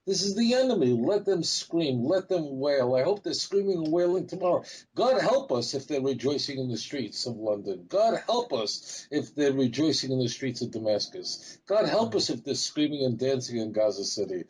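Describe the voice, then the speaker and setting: A man's voice: medium pitch, very animated, moderate pace, a little mellow, husky, rough recording. A man, a rabbi speaking as an interview guest, talking in an emphatic, defiant, repetitive way. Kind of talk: heated interview talk.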